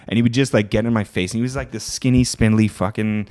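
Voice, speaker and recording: Low-voiced Canadian man telling stories. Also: fast. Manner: animated, profane anecdote-telling. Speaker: guest. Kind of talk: casual storytelling in conversation.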